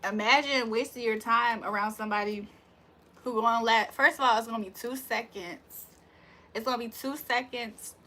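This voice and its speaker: Woman with a slightly high, teasing voice. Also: fairly even intonation, normal speed, bright, forceful tone. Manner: teasing, laughs often, answers viewer comments. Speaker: livestreamer reading chat. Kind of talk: casual live-stream chat.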